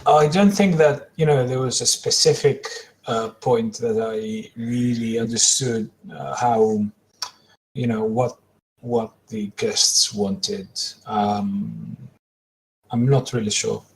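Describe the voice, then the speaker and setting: Man, player, casual podcast chat, slow, halting, fillers, middle pitch. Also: steady tone. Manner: halting, full of pauses and fillers.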